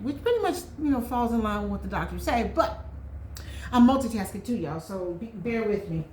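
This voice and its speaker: A woman's voice: medium pitch, big pitch swings, fairly quick, darkish tone, a little hiss or hum. Chatty woman vlogger in an echoey room. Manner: friendly, addresses viewers as y'all, chatty with many ums. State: a bit out of breath. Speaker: vlog host. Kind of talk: casual chatty vlog. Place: home, indoors.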